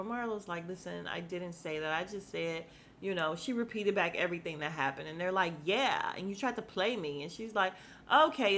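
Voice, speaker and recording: Woman podcast host, AAVE, lively gossip delivery, mid pitch, faint hiss behind. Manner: animated, slangy, acts out quotes. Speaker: podcast host recapping reality TV. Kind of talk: casual chat.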